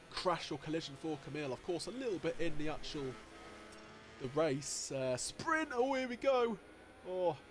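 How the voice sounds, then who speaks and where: A man giving live commentary on an online motorcycle race, getting excitable and jumping high at the overtakes, with race engine noise behind him. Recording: noisy with engine sounds behind. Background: racing game engine noise.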